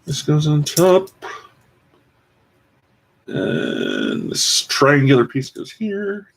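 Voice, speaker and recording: A man's voice: fairly high pitch, wildly swooping pitch, extremely slow, vocal fry, breathy edge. A man casually commenting as he builds a toy kit, rambling with dry, self-mocking asides. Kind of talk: casual live-stream commentary.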